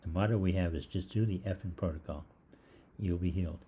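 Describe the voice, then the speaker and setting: A man, middle-aged, telling a rambling funny story in casual talk, halting with fillers and restarts and acting out the other voices. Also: sits low, steady tone, mellow, husky. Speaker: online health show host.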